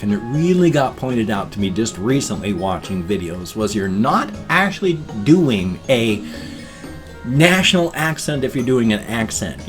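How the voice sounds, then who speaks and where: Tired man in his fifties rambling on. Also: mid-range voice. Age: 50s. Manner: rambling, explains at length with restarts. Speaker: vlogger. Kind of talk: casual rambling vlog talk.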